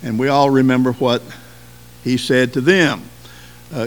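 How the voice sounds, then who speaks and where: A man preaching a sermon, pausing often and stressing words slowly. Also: mid-range voice, fairly even intonation. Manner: deliberate preaching with slow emphatic pauses. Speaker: pastor.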